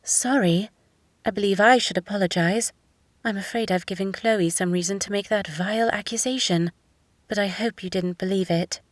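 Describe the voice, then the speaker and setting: A woman voicing a runaway young princess who speaks formally and gently. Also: medium pitch, normal speed, dry recording, close to an everyday voice. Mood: gentle.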